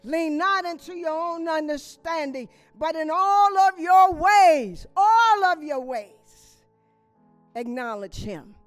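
A woman's voice: extremely high pitch, expressive, takes it slowly, soft background music. A woman preaching a sermon with emphatic repetition, stressing key words and adding frequent amens and hallelujahs.

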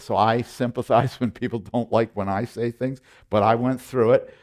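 A man's voice: mid-range voice, fairly even intonation, moderate pace. Emphatic middle-aged male pastor preaching. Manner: emphatic, repeats words, swings from loud to hushed. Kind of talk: sermon.

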